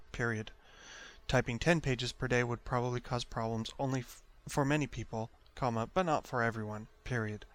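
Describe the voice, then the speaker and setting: A man dictating an article aloud in a careful, measured way, speaking each punctuation mark. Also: mid-range voice, a bit bright.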